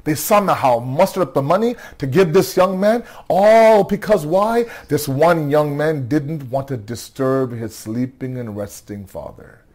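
Guy giving a quran lesson, kinda high-ish voice, earnest, repeats himself, throws in rhetorical questions. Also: darkish tone. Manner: recites Arabic verses quickly. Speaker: religious teacher.

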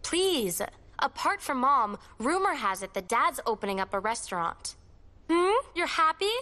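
A take-charge eldest sister, voiced by an actress, firm and insistent as she gathers her siblings. Her voice sits high and rings bright. Dubbed drama dialogue. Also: very animated, unhurried, heavily acted. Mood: urgent. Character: bossy worried young woman, eldest sister. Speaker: eldest sister calling a family meeting.

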